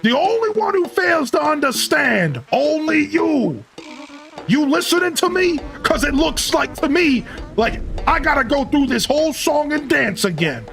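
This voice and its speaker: A man voicing a grumpy male mole who rants and scolds the player with gruff shouts. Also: extremely high pitch, sing-song, unhurried, faint music behind, full character voice. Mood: angry. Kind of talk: reading game dialogue aloud in character.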